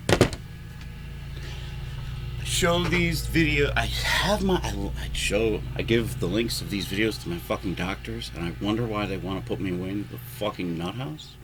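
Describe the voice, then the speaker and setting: A man's voice: lowish voice, animated, normal speed, fairly bright tone, a little hiss or hum. A man rambling alone in a home vlog, swearing often and mocking himself as he talks to himself. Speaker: vlogger and musician. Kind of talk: rambling solo vlog talk. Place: at home, neighborhood lawnmowers outside.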